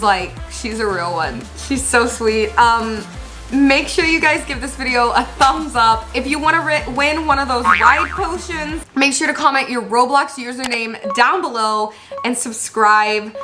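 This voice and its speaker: Young female gaming host, bright voice, excitable and giggly, unhurried delivery. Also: on the high side. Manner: gushing and excitable, laughing often. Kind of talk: casual gameplay commentary.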